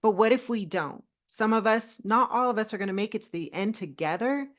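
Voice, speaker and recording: A middle-aged woman co-hosting a podcast, telling personal stories in a heartfelt, animated way with many restarts. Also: medium pitch, fairly quick. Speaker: podcast co-host. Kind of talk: casual podcast chat.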